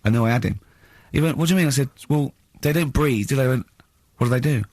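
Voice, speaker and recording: A man's voice: mid-range voice, fast, a little mellow, no echo, clean studio sound. A man hosting a radio show, telling an incredulous, mocking story in radio banter. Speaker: radio host.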